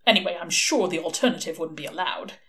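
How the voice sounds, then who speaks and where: A woman's voice: fast, a bit bright. A woman doing a prim, fussy male angel. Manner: prim, hesitant, lifted higher.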